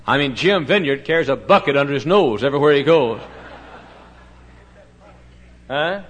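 A male pastor preaching a fiery revival sermon. He moves from soft, hushed storytelling to loud, thundering preaching, and he stretches out scripture verses for emphasis. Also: mid-range voice, animated, moderate pace.

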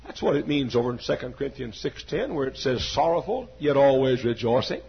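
A man in his sixties preaching a sermon with an emphatic, repetitive cadence that swings from hushed to loud. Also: mid-range voice, lively intonation, fairly quick, gravelly, muffled recording, a little hiss or hum. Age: 60s. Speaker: pastor.

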